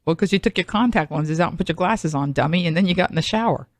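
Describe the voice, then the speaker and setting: A woman's voice: fairly low pitch, fast, dry recording, clean studio sound. A middle-aged woman hosting a podcast, talking in a chatty, rambling monologue full of self-mocking asides. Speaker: podcast host. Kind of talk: solo comedic monologue.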